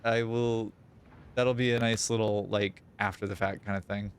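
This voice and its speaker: A man streaming a game live, chatting casually in an excitable, self-mocking and sarcastic way. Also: fairly low pitch, moderate pace, a little hiss or hum. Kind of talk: live gameplay stream chat.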